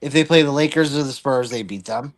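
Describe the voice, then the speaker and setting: A man chatting casually about sports as a show co-host. He rambles and restarts his sentences, working out his picks as he talks, at an ordinary pitch. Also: fairly quick. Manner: rambling, thinks aloud with many restarts. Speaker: podcast co-host.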